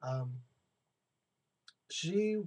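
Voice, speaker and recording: A man's voice: on the high side, expressive, extremely slow, darkish tone, low-quality recording. A young American man venting in a casual, rambling monologue. He often repeats and restarts his words and acts out the people he quotes. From United States. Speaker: vlogger.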